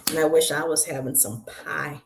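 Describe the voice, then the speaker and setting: A woman's voice: sits low, fairly even intonation, normal speed, gravelly, a little hiss or hum. A woman hosting a casual livestream, chatting with viewers by name and doing card readings, rambling and laughing often. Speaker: tarot reader and livestream host. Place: apartment room.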